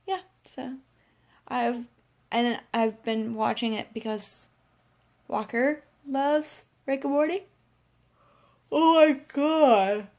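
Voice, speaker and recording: A young woman talks into her camera at home, unhurried and fairly high-pitched. Her voice drags with gravelly fry, and she halts, trails off and fills gaps with ums. She sounds sleepy, yawning her way through. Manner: tired, yawning, halting with many fillers. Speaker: vlogger. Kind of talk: casual vlog talk to camera.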